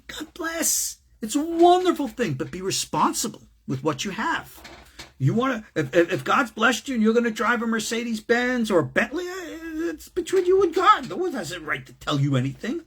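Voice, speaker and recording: A male rabbi lectures in an emphatic, chatty way, dropping in casual asides. His husky voice sits a bit high and leaps around a lot in pitch. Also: fairly bright tone. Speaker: rabbi teaching. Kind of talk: recorded lecture.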